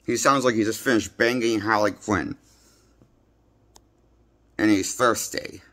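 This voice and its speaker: A man's voice: lowish voice, a little slow, sharp tone. A man giving a rambling, blunt casual movie review, recorded on a handheld phone. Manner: rambling, blunt, repeats himself. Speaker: movie critic.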